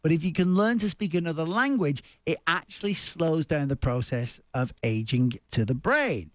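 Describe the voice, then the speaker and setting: A man's voice: on the high side, animated, moderate pace, dry recording. Chatty wigan guy in his forties, bit self-deprecating, dry close sound. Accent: Wigan, northern English. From north of England. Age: 40s. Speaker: speaker. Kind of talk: casual personal monologue.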